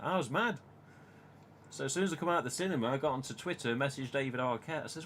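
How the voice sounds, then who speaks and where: A man's voice: mid-range voice, fast talker, a little hiss or hum. Swearing English man in his forties. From England. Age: 40s. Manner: animated, swears a lot, quotes himself. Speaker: host. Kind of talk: casual live-stream chat.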